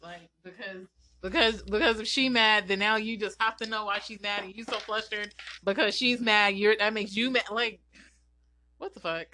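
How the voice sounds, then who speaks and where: A woman's voice: medium pitch, fairly even intonation, moderate pace, bright, forceful tone, a little hiss or hum. A woman co-hosting a casual podcast who talks bluntly, teases and laughs often. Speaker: podcast co-host.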